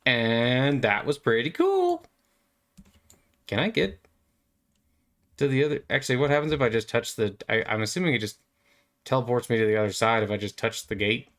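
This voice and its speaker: A man talks his way through a video game in a loose, playful ramble. He stammers and fills pauses with ums and likes, and his voice sits at an ordinary middle pitch. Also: big pitch swings, a bit bright. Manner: playful, meandering, stammering, with frequent fillers. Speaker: gamer. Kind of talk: rambling gameplay commentary.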